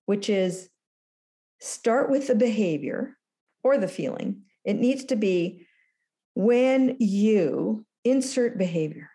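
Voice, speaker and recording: A woman in her sixties speaks as an interview guest, her voice mellow and soft-edged. She tells anecdotes with animation and slips into acting out the dialogue. She keeps her pitch in an ordinary middle range. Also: takes it slowly. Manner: animated storyteller, acts out dialogue. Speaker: guest, former business school lecturer. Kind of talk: storytelling in an interview.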